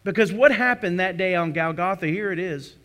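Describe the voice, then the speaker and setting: A man preaching a communion sermon as a pastor, swinging between passionate cries and hushed prayer. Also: sits high, brisk. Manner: impassioned storytelling, rising to cries then hushing to prayer.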